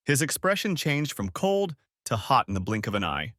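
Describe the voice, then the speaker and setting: Brief: male audiobook narrator, expressive, swings widely in pitch, dry close sound. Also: moderate pace, no room sound.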